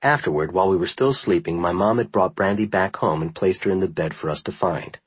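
A man narrating a first-person memoir in a measured, earnest reading style. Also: deep voice, husky, no room sound, rough recording. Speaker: audiobook narrator.

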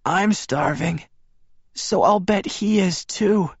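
Man voicing a frail young woman, breathy rasping whisper, much higher voice, brave jokes, storybook. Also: animated, very slow, no echo, dull audio, exaggerated voice. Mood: joking.

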